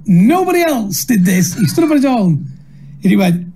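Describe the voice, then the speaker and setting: A middle-aged man with a Manchester-area Northern English accent tells stories from his career. His voice sits high and sounds slightly husky, and it swings widely in pitch. He mocks himself and laughs through his anecdotes. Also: moderate pace. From England. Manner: lively, self-mocking, laughs through stories. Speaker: comedian guest. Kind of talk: anecdotal storytelling.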